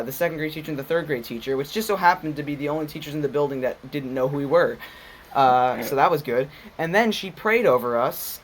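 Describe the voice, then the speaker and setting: A man's voice: a little high, slight background noise. A young man co-hosting a casual podcast, rambling through a story and mimicking people in a raised voice. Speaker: podcast co-host. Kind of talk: casual chat.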